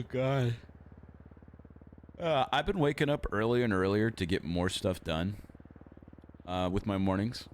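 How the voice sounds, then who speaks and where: Low-voiced man chatting on stream. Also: slight background noise. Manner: rambling, many fillers and restarts. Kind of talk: casual chat to stream. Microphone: XLR mic.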